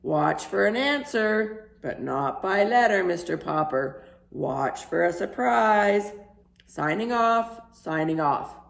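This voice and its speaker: Brief: hearty male admiral on a radio broadcast, put on by a woman, slow and booming, gravelly, echoey. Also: expressive, heavily acted. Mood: announcing. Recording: roomy echo.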